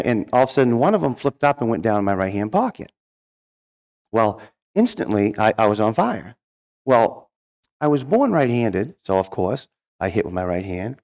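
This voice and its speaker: A man's voice: lowish voice, a little mellow. A man with a cold, telling a folksy joke and his personal testimony at church. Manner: folksy storyteller. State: has a cold.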